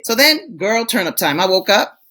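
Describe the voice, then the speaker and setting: Middle-aged woman co-host, brash and profane, lively storyteller, casual banter. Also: medium pitch, moderate pace. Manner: blunt, profane, animated storytelling. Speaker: podcast co-host. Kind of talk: casual chat.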